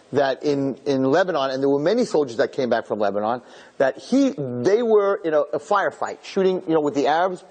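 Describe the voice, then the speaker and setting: A man, a rabbi, telling an inspirational story to an audience in an animated way, repeating words for emphasis and mixing in Hebrew terms. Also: a little high.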